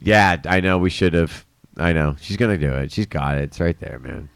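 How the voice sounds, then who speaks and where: A man's voice: low voice, expressive, normal speed, creaky, dry recording. A middle-aged man hosting a livestream from a studio, chatting casually and laughing often, with some swearing. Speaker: livestream host. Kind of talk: casual chat.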